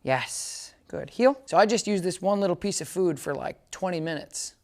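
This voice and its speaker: A woman's voice: lowish voice, a little fast, a little mellow. A woman dog trainer giving a hands-on lesson in a casual, chatty way, often checking that her listener follows and breaking into short upbeat praise commands for the dog. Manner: casual explainer, keeps checking "does that make sense?".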